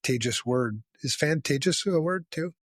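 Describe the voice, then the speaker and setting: A man's voice: medium pitch, expressive, moderate pace, a bit bright, dry recording. A man co-hosting a casual podcast, joking around and swearing freely. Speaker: podcast co-host.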